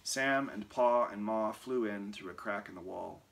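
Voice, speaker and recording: A man reading a picture book aloud in an expressive, lively way. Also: on the low side, unhurried, creaky. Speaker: reader.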